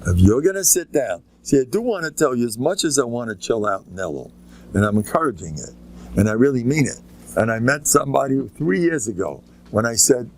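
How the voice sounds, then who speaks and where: A man's voice: mid-range voice, big pitch swings, brisk, slight background noise. An older man, a rabbi giving an informal lecture, telling stories with joking asides and rambling restarts. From United States. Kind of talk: informal Torah lecture with anecdotes.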